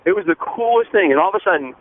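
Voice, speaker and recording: A man eagerly telling a proud story as a phone-in guest, earnest and rushing, restarting his sentences. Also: high voice, lively intonation. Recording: tinny phone line with faint noise.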